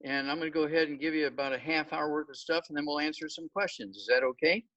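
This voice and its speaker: A man's voice: a little high, quick pace, fairly bright tone, distant mic, dull audio. Folksy man lecturing over a call. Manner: folksy, emphatic, repeats "okay". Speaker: guest lecturer.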